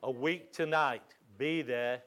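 A man's voice: mid-range voice, slow, a crowd in the background. A man with a Northern English accent preaching a sermon in a church hall, emphatic and calling for amens. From England. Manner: emphatic, call-and-response.

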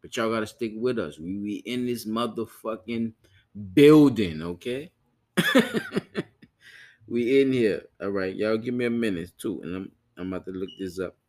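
A man's voice: on the low side, moderate pace, a little mellow. A man hosting a podcast in loose, profane casual chat, often repeating himself to listeners. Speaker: podcast host.

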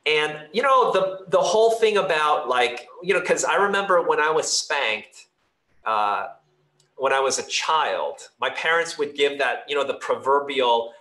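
A man's voice: fairly high pitch, lively intonation, measured pace, sharp tone. A man preaching a sermon as a pastor, talking in an earnest, conversational way with loose fillers and restarts, in a church hall. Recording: echoey room.

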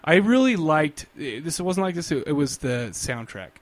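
A man hosts a podcast in loose, casual chat. He rambles and hesitates, filling gaps with ums and uhs. His voice sits a bit high. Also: sing-song, normal speed. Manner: rambling, hesitant, many fillers. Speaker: podcast host.

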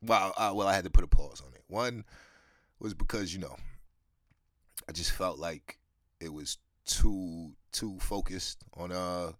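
Deep voiced guy ranting on his show, swearing a lot, dry close sound. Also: a little slow, fairly bright tone, no room sound. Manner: profane, rambling, laughs often. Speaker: podcast host. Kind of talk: casual ranting monologue. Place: New York.

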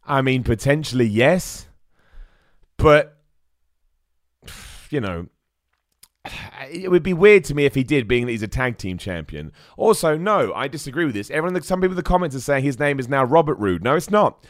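A man's voice: mid-range voice, normal speed, pauses often, no room sound, studio quality. Chatty man hosting a podcast. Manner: chatty, animated, reads out viewer messages. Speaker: podcast host. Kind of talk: live-streamed wrestling podcast chat.

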